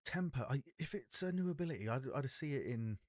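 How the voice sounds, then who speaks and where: A man's voice: medium pitch, animated, fairly quick, a little mellow, dry recording. A man chatting casually on a live stream, reading card text aloud and puzzling over a rule while talking into an XLR mic.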